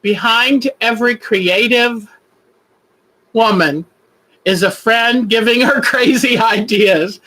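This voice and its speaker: A man's voice: very high voice, slow pace, bright, forceful tone, slightly rough, poor audio. A man hosting a quilting live stream, chatting in an effusive, gushing way with viewers. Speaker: quilting show host. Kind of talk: casual live-stream chat.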